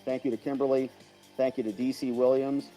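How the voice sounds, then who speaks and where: A man with a warm, medium-pitched voice hosts a casual livestream, speaking fairly quickly in a level tone over soft background music. Chatty and chuckling, he reacts to viewers' comments and thanks them by name.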